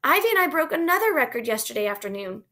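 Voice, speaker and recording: A woman's voice: sits high, big pitch swings, fast, bright, forceful tone, voice pushed up, heavily acted. A woman reading aloud, voicing an eager, insistent young schoolgirl in a storybook. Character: bold excitable young schoolgirl.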